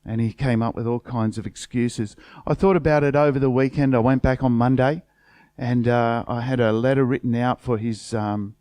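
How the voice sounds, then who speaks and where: Australian pastor telling a story. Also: male voice, mid-range voice, warm tone, no echo, clean studio sound. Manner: chatty anecdotes with colloquial slang and acted-out dialogue. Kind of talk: storytelling sermon. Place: church.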